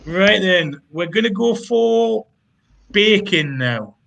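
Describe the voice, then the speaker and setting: A man's voice: high voice, lively intonation, slow, creaky, fairly bright tone, slight background noise. A man with a Geordie accent hosting a pun contest, chatty and teasing, with self-mocking banter. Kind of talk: casual banter.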